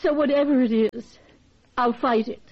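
A woman's voice: fairly high pitch, steady tone, moderate pace. An actress playing a wife who pleads with her husband and stammers defensively, in a vintage-style drama. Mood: pleading. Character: pleading wife who can't keep secrets. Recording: dull lo-fi audio.

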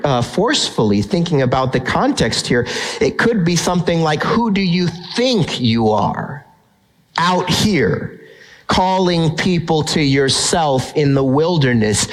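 A middle-aged male pastor preaching a sermon, emphatic and animated, asking the congregation rhetorical questions. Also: a little high, low-quality recording.

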